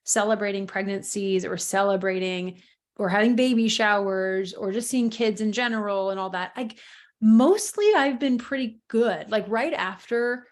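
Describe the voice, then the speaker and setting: A woman's voice: mid-range voice, moderate pace. A young adult woman hosting her podcast, talking candidly and reflectively with many fillers and restarts. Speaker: podcast host. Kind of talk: candid personal podcast monologue.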